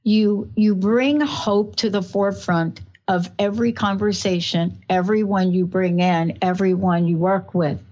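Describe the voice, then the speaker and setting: A woman's voice: medium pitch, fairly even intonation, unhurried, hardly any pauses, a little mellow. A woman from New York with a New York accent, hosting a talk radio interview in an effusive, emotional and rambling way. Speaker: radio show host. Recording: muffled radio broadcast.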